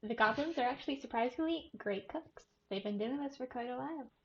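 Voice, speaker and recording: A woman's voice: a little high, fairly quick, dull audio, a crowd in the background. A young woman narrating as game master in a laid-back way, with short replies.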